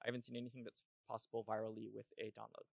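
A man's voice: on the low side, completely flat delivery, very fast, vocal fry, no echo. A man on a conference panel, explaining things in a matter-of-fact way.

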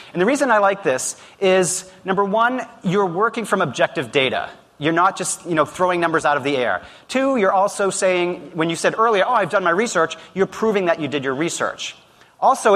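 A man's voice: on the high side, a bit bright, big-room sound. A man giving a motivational talk to an audience, conversational storytelling with direct address. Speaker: speaker.

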